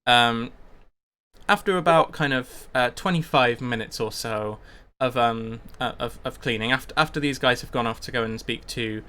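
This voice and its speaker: A man's voice: mid-range voice, moderate pace, bright, forceful tone, smooth. A man with an English accent narrating as game master of a tabletop game, rambling and restarting often. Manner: rambling, lots of ums and restarts.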